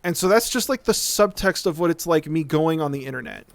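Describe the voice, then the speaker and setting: A man's voice: on the high side, expressive, fairly quick. A man streaming a game, rambling in a casual, profane rant and checking in with "right?" as he talks. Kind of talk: casual live-stream rant while gaming.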